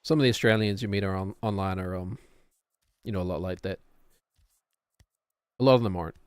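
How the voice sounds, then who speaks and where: A man's voice: sits low, brisk, clean tone, no echo. Rambling New streamer man. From New Zealand. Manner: rambling, musing, self-deprecating. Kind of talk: casual gameplay chat.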